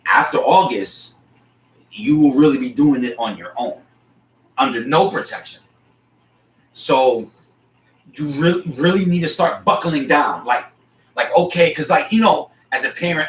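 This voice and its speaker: A man in casual talk mulls over being a parent in a relaxed, thoughtful way. His voice sounds set back from the mic, in an echoey room with light background noise. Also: fairly high pitch, measured pace, long pauses. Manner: relaxed, agreeing, reflective parental musing. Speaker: podcast co-host, father. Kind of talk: casual chat. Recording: roomy, distant mic with faint noise.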